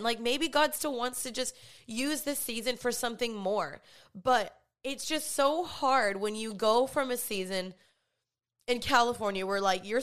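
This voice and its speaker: Candid young woman, fairly high voice. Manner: candid, heavy use of "like", emotional at times. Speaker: podcast host. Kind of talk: casual personal podcast update.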